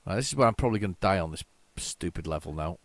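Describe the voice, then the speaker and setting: A man giving casual, excitable, self-mocking commentary while playing an old computer game. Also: low-pitched, very fast, no echo. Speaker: retro game tape reviewer.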